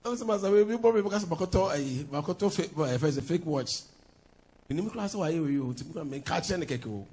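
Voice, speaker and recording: A man's voice: fairly high pitch, expressive, fast talker, a little mellow, husky. A man with a Ghanaian accent, a pastor preaching a sermon with sing-song lines and laughing asides, switching between English and Twi.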